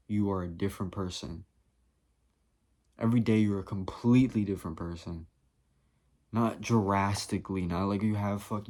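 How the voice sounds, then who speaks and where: A man's voice: fairly low pitch, warm tone. A man vlogging in a rambling comedic monologue, profane and jumping from topic to topic.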